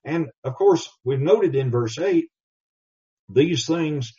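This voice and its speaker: A man preaching a sermon, emphatic, slowly reading scripture in old English. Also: on the high side, animated, warm tone. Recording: distant, dull lo-fi recording.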